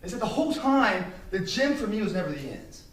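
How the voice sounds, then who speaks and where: A man's voice: sits high, big pitch swings, fairly quick. A man giving a motivational speech to an audience, telling stories in a blunt, profane and emphatic way. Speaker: invited speaker. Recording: roomy sound from a distant mic, faint noise.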